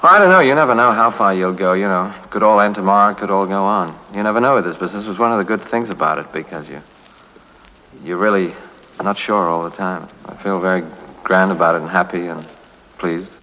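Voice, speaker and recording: Low-voiced Englishman. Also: a little fast, pushed and bright. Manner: rambling, hesitant, playful with voices. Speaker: actor interviewee. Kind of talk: radio interview. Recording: 1960s radio, long reverb.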